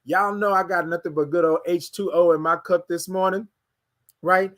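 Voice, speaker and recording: A man from Houston hosting a casual morning livestream, greeting viewers and hyping up the chat. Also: sits high. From Houston, Texas. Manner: energetic, hypes the chat, drawn-out sung greetings. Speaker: livestream morning show host.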